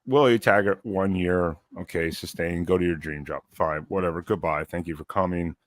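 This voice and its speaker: A man with a very deep voice chatting about college football in a wry, mocking tone. He sounds dry and close to the mic, acting out fans' reactions as he talks. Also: normal speed, no echo. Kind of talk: casual sports talk.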